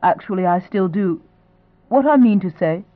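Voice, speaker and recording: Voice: mid-range voice, lively intonation, normal speed, no echo, close to an everyday voice. A reader voicing a genteel elderly duchess who stays pleasant but insistent, in a romance audiobook. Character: elderly duchess grandmother, gracious, persistent. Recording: dry, thin phone-like sound.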